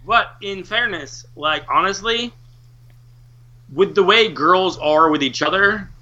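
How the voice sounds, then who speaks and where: A man's voice: sits high, takes it slowly. A man in casual podcast chat, ranting with lots of swearing. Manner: animated ranting, swears often. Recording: dull lo-fi recording.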